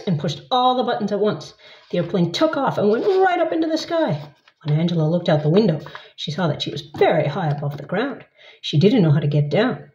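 Expressive woman storybook reader, animated delivery, roomy muffled sound. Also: on the low side, moderate pace. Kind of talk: picture book read-aloud. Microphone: camera at a short distance. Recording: echoey, slightly dull room sound.

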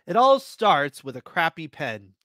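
A man reads short stories aloud in an expressive first-person voice. His tone is bright and slightly high, and the sound is close and dry. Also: unhurried, no echo. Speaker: reader. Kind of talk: live story reading.

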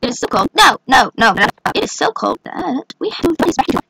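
A young woman with a hoarse voice, chatting excitedly through her gameplay with lots of fillers. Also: high voice, quick pace, few pauses, very noisy. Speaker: gaming channel host. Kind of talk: casual gameplay commentary.

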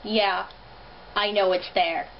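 Young woman vlogger, slight lisp, animated sarcastic chat, cheap camera mic, muffled audio. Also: mid-range voice, takes it slowly, vocal fry. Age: young adult. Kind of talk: casual vlog chat. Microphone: built-in camera mic. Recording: dull lo-fi camera audio, faint hiss.

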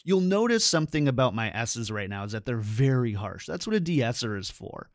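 A man presenting a microphone tutorial, explaining settings in a clear, instructive way and testing sounds close into a studio mic. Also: medium pitch, big pitch swings, a little fast, no echo. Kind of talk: scripted product tutorial.

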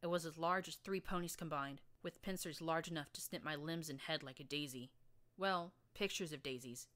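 A woman's voice: low-pitched, normal speed, fairly bright tone. A woman narrating first-person action fiction in a vivid, dramatic storytelling manner. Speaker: audiobook narrator.

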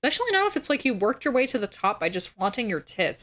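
Woman streamer rambling at home, swears a lot, blunt, kinda high voice. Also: sing-song, quick pace, fairly bright tone. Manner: blunt, crude, swears freely. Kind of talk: casual livestream chat.

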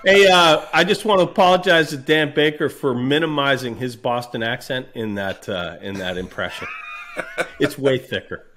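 A man co-hosting a podcast, telling stories in casual chat in an animated way. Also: medium pitch, moderate pace, slight background noise. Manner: animated, acts out voices in anecdotes. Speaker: podcast co-host.

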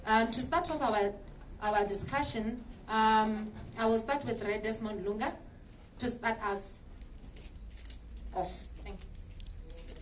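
A woman's voice: fairly high pitch, takes it slowly, long pauses. A woman moderating a panel discussion, hesitant with many fillers. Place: exhibition hall. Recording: distant mic, clear background noise.

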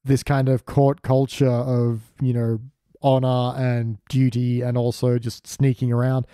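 Mellow-voiced man co-hosting a podcast. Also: mid-range voice, measured pace, clear, resonant tone, no room sound, studio quality. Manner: relaxed, chatty, reads the show's plug in a mock announcer voice. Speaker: podcast co-host. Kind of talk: casual chat.

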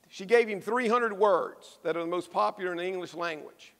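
A man preaching a sermon as a pastor, telling a story with lively emphasis and repeated phrases. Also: high-pitched, moderate pace, few pauses. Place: church. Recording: echoey church hall.

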